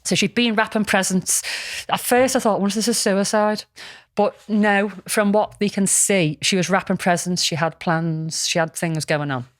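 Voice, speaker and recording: A woman's voice: medium pitch, steady tone, moderate pace, few pauses, no echo, clean studio sound. A woman, casually telling a story on a podcast, rambling with lots of ums and restarts. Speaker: podcast co-host.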